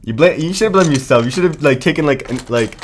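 A man's voice: a little high, lively intonation, fast talker. Young man, co-host, teasing, mock-formal storytelling, faint noise. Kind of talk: casual chat with friends.

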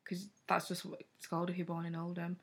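A woman's voice: fairly low pitch, completely flat delivery, fast talker, slightly rough. A young woman from Manchester with a Mancunian accent, co-hosting a casual chat podcast and playfully slipping into comic accents. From Manchester, England. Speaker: podcast co-host.

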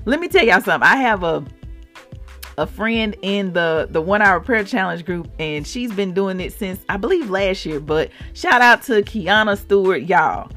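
A woman from Mississippi with a Southern accent, hosting a devotional podcast and exhorting listeners in an animated, informal way. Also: mid-range voice, normal speed, soft background music. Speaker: podcast host, faith encourager.

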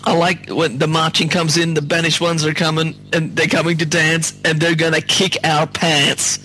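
A man's voice: fairly high pitch, little pitch movement, normal speed, bright, forceful tone, low-quality recording. A man giving a casual music review, giggly and enthusiastic, often cracking up. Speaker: podcast co-host.

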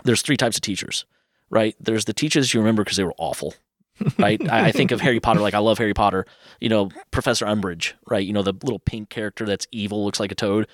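A man in his thirties, a guest telling personal stories in a lively, casual way, acting out what others said. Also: on the low side, no room sound, clean studio sound. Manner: animated, quotes others in quick asides. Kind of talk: casual storytelling.

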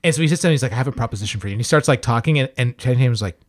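A man's voice: medium pitch, animated, racing. A man with a mid-range voice co-hosts a casual film review chat. He laughs often and throws himself into retelling scenes, bouncing his voice up for the funny bits. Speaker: podcast co-host.

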